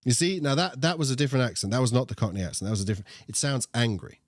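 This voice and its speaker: A man's voice: medium pitch, expressive, rapid-fire, no echo. Young posh-accented British man, jokey tangent-prone co-host, mid-range voice, dry close mic. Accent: posh British English. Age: young adult. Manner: joking, rambling, prone to tangents. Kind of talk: casual esports chat.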